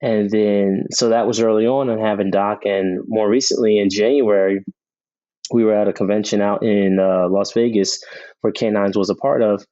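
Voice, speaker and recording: Middle-aged man, podcast guest, earnest storyteller, low and warm, dull lo-fi sound. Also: steady tone, moderate pace, dry recording. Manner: earnest, repeats words when starting sentences. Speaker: podcast guest, Army veteran. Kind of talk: conversational interview storytelling.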